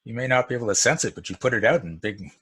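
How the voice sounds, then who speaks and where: A man's voice: medium pitch, rapid-fire, a bit bright, husky. A man teaching an energy work session in a casual, storytelling way, chuckling often.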